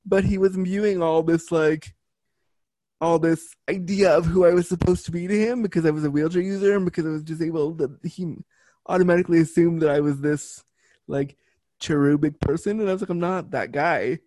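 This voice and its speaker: A man's voice: on the high side, fairly even intonation, a little fast, dark tone, no room sound. A man talking as a guest, telling a personal story frankly and bluntly, with lots of fillers. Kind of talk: casual storytelling.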